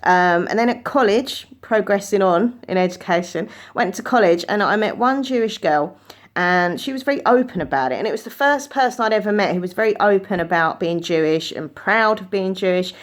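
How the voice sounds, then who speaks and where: A woman telling a personal story to camera, in an earnest, chatty way, often jumping up in pitch when she quotes herself. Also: fairly quick.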